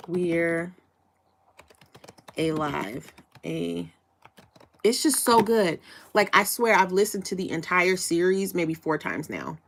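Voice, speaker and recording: Young woman livestream host, lowish voice, bubbly and chatty. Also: unhurried, slight background noise. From United States. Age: young adult. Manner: bubbly, chatty, breaks into excited high squeals. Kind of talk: casual livestream chat with viewers.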